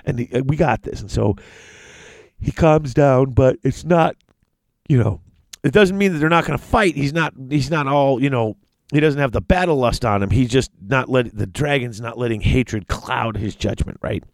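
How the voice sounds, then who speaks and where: A man casually retelling a fantasy battle story, excitable and rambling. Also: moderate pace, dry recording. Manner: excitable, rambling, big pitch swings. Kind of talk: casual chat.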